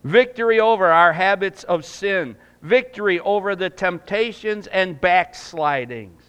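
A man preaching a sermon in a church, emphatic and rising loud, then praying in a hushed voice. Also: high-pitched, smooth. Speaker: pastor. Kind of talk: sermon and closing prayer. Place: church sanctuary.

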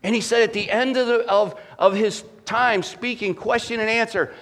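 A man preaching a sermon as pastor, emphatic and animated, swinging between loud swells and quiet drops. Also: high voice, moderate pace.

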